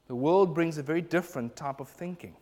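Emphatic preacher, slightly high voice. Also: male voice, brisk, dark tone. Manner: emphatic, builds in intensity, acts out phrases. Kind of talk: sermon.

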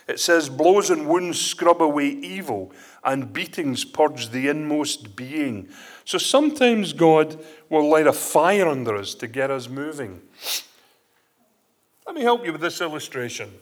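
A man preaching a sermon, telling illustrations and reading scripture with rising emphasis. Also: on the high side.

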